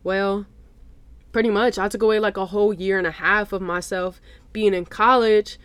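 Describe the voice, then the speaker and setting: A woman's voice: mid-range voice, fairly even intonation, moderate pace, clear, resonant tone, no room sound. A woman in her twenties hosting a casual solo podcast, chatty and full of "like" and "y'all". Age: 20s. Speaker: podcast host.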